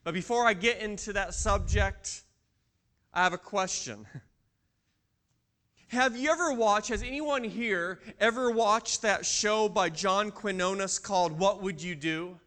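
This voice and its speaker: A man's voice: high-pitched, slow pace, sharp tone. A man preaching a sermon in a church, telling a story and asking the congregation questions. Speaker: pastor.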